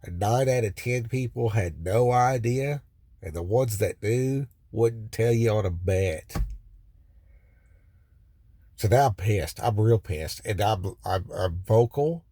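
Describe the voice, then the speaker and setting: His voice sits on the low side, warm and unhurried, with no echo in the recording. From his car at the side of the road, this vlogger rambles through a first-person account of his life, cursing openly, repeating himself, and stumbling over fillers and false starts.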